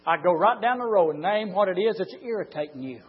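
A man preaching a fiery sermon, swinging from low, close talk to drawn-out shouted lines. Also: lively intonation, breathy edge, muffled recording. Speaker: pastor.

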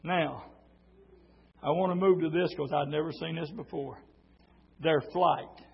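A middle-aged man preaching a sermon, telling stories and swelling into shouted preaching, heard on a dull lo-fi church recording. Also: fairly high pitch, fairly even intonation, measured pace, gravelly, slightly rough.

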